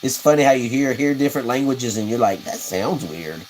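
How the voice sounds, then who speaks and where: A man's voice: medium pitch, animated, fairly quick, darkish tone, slight background noise, low-quality recording. Folksy man chatting on a livestream. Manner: rambling, folksy, laughs at his own stories. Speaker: livestream host building custom fishing rods. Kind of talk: casual livestream chat, reading comments.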